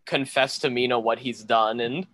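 A man's voice: medium pitch, fairly even intonation, moderate pace, a bit bright. A man co-hosting a podcast recap, dropping wry, dry remarks in casual chat. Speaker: podcast co-host.

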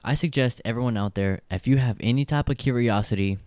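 A man's voice: medium pitch, fairly quick, a little mellow, smooth, no room sound. A man co-hosting a podcast, chatting eagerly and casually with plenty of swearing. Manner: profane, eager, keeps interrupting. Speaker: podcast host. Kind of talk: casual chat.

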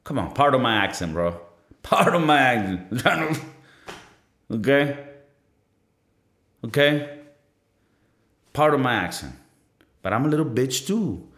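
A man's voice: mid-range voice, sing-song, slow, pauses often, a bit bright. Rambling, profane man in his thirties. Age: 30s. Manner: rambling, profane, self-mocking. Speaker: podcast host. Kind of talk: casual solo podcast monologue. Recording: roomy echo.

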